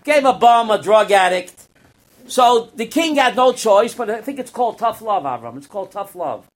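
A man's voice: high-pitched, lively intonation, moderate pace. A man giving a Torah class as a rabbi, quizzing his students and acting out parables.

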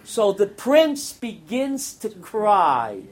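A man's voice: high-pitched, huge pitch swings, very slow. A man giving a Torah class as a rabbi, quizzing his students and acting out parables.

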